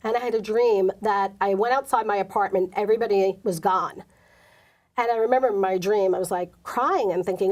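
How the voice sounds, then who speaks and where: A woman's voice: medium pitch, darkish tone. A middle-aged woman, an interview guest, candidly telling an emotional personal story and acting out the quoted dialogue.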